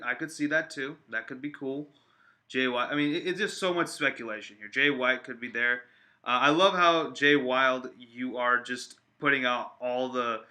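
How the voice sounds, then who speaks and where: Bright-voiced rambling man chatting casually. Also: mid-range voice. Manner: rambling, many fillers and restarts, excitable. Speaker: wrestling vlogger reacting to viewer comments. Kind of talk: casual live-stream chat.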